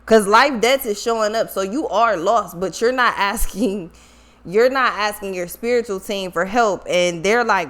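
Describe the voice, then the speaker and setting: A woman with features talks through a tarot reading in a loose, casual way. She is blunt, swears freely and circles back to repeat her point. Her voice sits at an ordinary middle pitch. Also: unhurried, a bit bright. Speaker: tarot reader.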